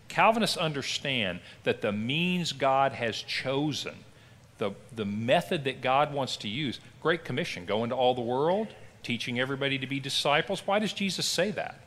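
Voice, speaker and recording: A man's voice: mid-range voice, very animated, moderate pace, pushed and bright, in a large hall. A middle-aged man, a pastor teaching a Bible class in a conversational, emphatic way. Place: church classroom.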